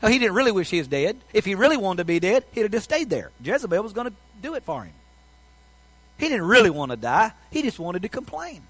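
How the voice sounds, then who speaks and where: A man preaching a sermon in a folksy storytelling way, swinging between loud passages and hushed ones. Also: high voice, big pitch swings, quick pace, breathy edge, no echo, rough recording.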